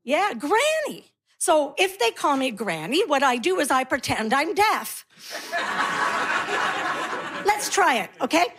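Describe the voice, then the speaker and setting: A woman's voice: sits high, big pitch swings, takes it slowly, pauses often, fairly bright tone. A woman in her sixties doing a stand-up comedy routine, sassy and conversational, talking directly to the audience. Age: 60s.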